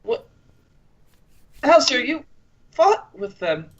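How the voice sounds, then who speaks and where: A man's voice: very high-pitched, very animated, slow pace, highs cut off, full character voice. A man doing a naive, stammering young adventurer. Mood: anxious. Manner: stammering, pleading.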